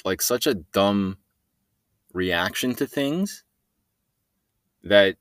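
A man's voice: fairly low pitch, lively intonation, drawn-out words, fairly bright tone, smooth, no echo, studio quality. A man hosting a solo podcast, rambling and joking in a meandering way and trailing off mid-sentence. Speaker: podcast host.

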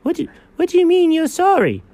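A high-voiced man riffs through improvised comedy banter, his pitch leaping all over the place. He rambles and gasps theatrically, and the recording is close and dry. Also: huge pitch swings, fairly quick, dark tone, no room sound. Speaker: comedy co-host.

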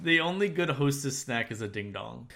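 A man with a bright, forceful voice gives blunt, sarcastic takes in podcast banter. He swears freely and teases the others. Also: mid-range voice, animated, normal speed, vocal fry. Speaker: podcast co-host. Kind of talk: casual chat.

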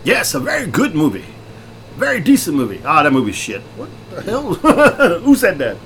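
Middle-aged guy goofing around on a podcast, pitch bouncing all over, bit of background hiss. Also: moderate pace. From Texas. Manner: loud, jokey and excitable, laughs often. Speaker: podcast co-host. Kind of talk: casual chat. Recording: faint background noise.

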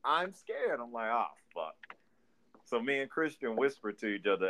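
A young man from Detroit telling a neighborhood story on a casual podcast. His pitch sits in a middle range, and he laughs often and acts out the other people's lines as he goes. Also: sing-song, moderate pace, fairly bright tone. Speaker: podcast co-host.

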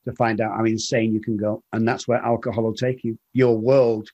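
Earnest, halting middle-aged man. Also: fairly low pitch, flat delivery, darkish tone, muffled recording. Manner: earnest, halting, repeats words. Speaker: guest in recovery. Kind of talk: emotional storytelling interview.

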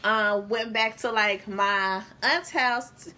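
Bright-voiced animated woman. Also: fairly high pitch, takes it slowly. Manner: animated storyteller, acts out quotes loudly. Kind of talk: casual chat.

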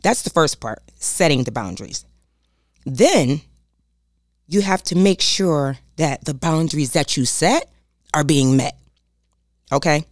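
Speaking straight to her audience as "y'all," this woman delivers an emphatic, preachy self-help talk about boundaries, circling back to her main points. Her low voice is expressive and measured, broken by long pauses. The sound is clean studio audio with no echo.

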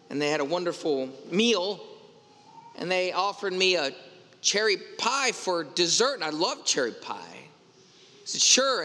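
A man's voice: high voice, bright, forceful tone, long reverb tail. A man, a pastor, giving a Sunday homily in a conversational, storytelling way with playful asides. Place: church.

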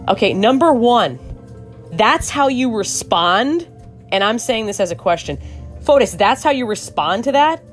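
A woman's voice: medium pitch, very animated, normal speed, faint music behind. A woman hosting a true crime podcast, giving outspoken, rambling commentary with swearing and many restarts. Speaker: podcast host.

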